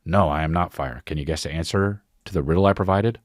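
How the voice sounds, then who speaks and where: A man voicing a chatbot that answers a riddle in flat, overly polite recited replies. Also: deep voice, quick pace, dry recording, clean studio sound, pitched below the performer's own voice. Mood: deadpan.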